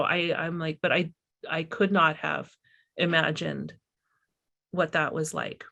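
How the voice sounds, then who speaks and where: A middle-aged woman talks about her work in a slightly low voice. She is candid and halting, restarting her sentences often as she reflects. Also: creaky, fairly bright tone. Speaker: filmmaker guest. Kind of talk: reflective conversation.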